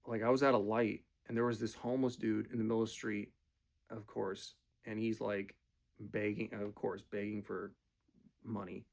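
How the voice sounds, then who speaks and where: A man's voice: on the low side, little pitch movement, moderate pace, creaky, a little mellow. A man telling casual, profane, rambling stories, full of fillers. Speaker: storyteller. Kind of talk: casual storytelling.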